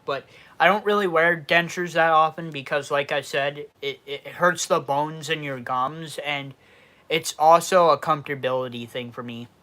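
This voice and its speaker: Loud, cussing Western New York guy. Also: a little high. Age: 20s. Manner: loud, heavy casual cursing. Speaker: YouTube livestream host. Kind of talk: casual livestream Q&A, reading chat.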